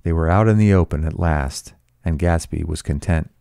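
Deep, gravelly man reading with sarcastic asides. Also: normal speed, dark tone, no echo, clean studio sound. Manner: blunt, sarcastic, profane. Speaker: teacher reading a novel aloud. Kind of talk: reading aloud with commentary.

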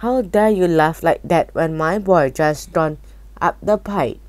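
A woman's voice: low-pitched, a little slow, darkish tone, no echo. A woman reading a storybook aloud, voicing a shrieking, hysterical mother who shrilly accuses the man she blames. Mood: furious.

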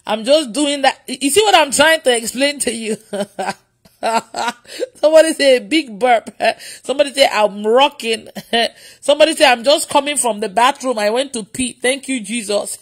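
Woman preacher, livestream prayer, often laughing, higher voice, repeats phrases. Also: moderate pace.

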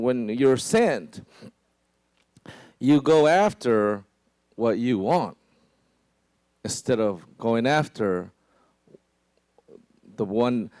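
A pastor preaching a sermon in a conversational way, often asking "right?" and dropping into a lower voice to act out quotes. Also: male voice, a little mellow, no room sound. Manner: conversational, many "right?" asides and restarts.

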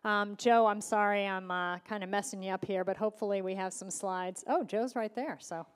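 A woman's voice: medium pitch, steady tone, normal speed, clear, resonant tone. A woman pastor giving church announcements in a chatty, informal way, with many fillers. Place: church hall. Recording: long reverb of a church hall.

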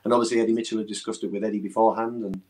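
A man's voice: fairly low pitch, flat delivery, racing, darkish tone, poor audio. A middle-aged man, a former footballer telling earnest, emotional stories in a casual interview. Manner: earnest, emotional, rambling storytelling.

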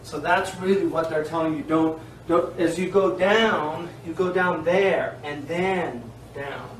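A man with a high-pitched voice teaches a class in an informal, animated way, wandering off on tangents and laughing as he goes. He is recorded from a distance in a reverberant room, with a faint hiss behind him. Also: unhurried. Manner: animated, digressive, laughs often. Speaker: teacher of Islamic law.

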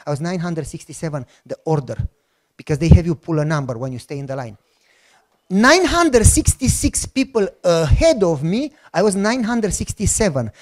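A middle-aged man, a pastor, telling a testimony in a sermon. He acts out the dialogue, and at moments his voice drops low and soft. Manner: animated storyteller, acts out dialogue.

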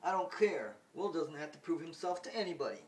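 A man voicing a firm, indignant mother, reading her lines louder and higher than his own voice. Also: expressive, fairly quick, far from the mic, a little hiss or hum, natural voice.

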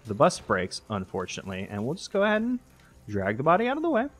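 Rambling, lively gaming commentator man. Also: medium pitch, fast talker, soft background music. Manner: rambling, self-correcting, joking. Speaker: let's play host. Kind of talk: casual gameplay commentary.

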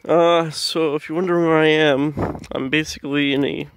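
A man's voice: fairly high pitch, fairly even intonation, normal speed, a little hiss or hum. A young man telling a rambling story in a casual vlog, swearing freely and laughing often as he walks his dog in the woods. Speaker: vlogger. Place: outdoors in woods, walking dog.

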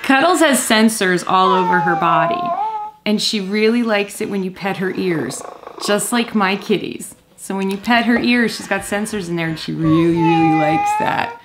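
A woman's voice: medium pitch, normal speed, noisy background. A woman in her thirties hosting a casual toy review vlog, chatty and playful, cooing at a toy kitten.

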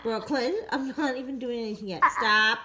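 A woman's voice: on the high side, steady tone, moderate pace. A woman vlogging at home, coaxing, scolding and praising her dogs while she trims their nails. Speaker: dog owner vlogger. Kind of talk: casual home video. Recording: noisy room with dogs and clicks.

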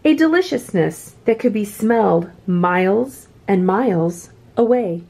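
A woman reading a children's picture book aloud with expressive, swooping delivery. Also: medium pitch, a little slow, gravelly. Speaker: children's story reader.

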